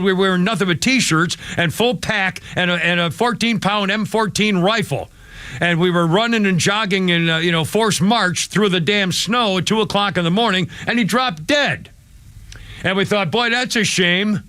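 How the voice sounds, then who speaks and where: A man's voice: high voice, sharp tone, no echo. A man in his seventies hosting a talk show, ranting in a rambling, heated way with many restarts and at times getting choked up. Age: 70s. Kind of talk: opinionated talk show commentary.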